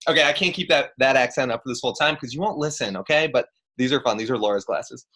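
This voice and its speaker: A man's voice: mid-range voice, quick pace, bright, forceful tone. A young man and camp director giving a casual, joking training talk full of fillers. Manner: chatty, joking, many fillers.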